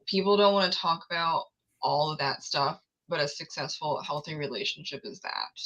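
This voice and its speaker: A woman hosts a casual livestream chat and talks frankly and with emphasis. Her voice is fairly low but bright and sharp. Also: normal speed, low-quality recording. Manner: frank and emphatic, laughs often. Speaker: livestream host.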